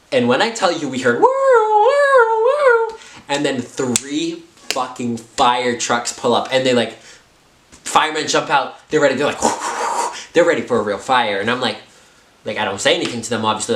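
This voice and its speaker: Animated young man telling a story. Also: reverberant, a little hiss or hum. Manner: animated, filler-heavy, jumps into high voices. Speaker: vlogger. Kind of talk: storytime vlog.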